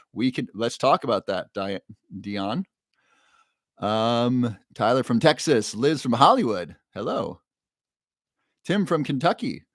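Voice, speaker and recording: 잔향 없이 건조하게 녹음된 남성 라이브 방송 진행자, 채팅창의 이름과 질문을 읽으며 편하게 이야기함. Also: male voice, mid-range voice, gravelly, dry recording, clean studio sound. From Ohio. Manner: reads viewer names and questions from chat aloud. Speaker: livestream host. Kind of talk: casual live-stream chat.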